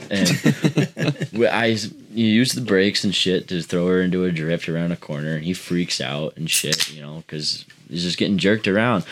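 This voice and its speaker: A man casually telling a rambling, profane story to friends as a podcast co-host. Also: deep voice.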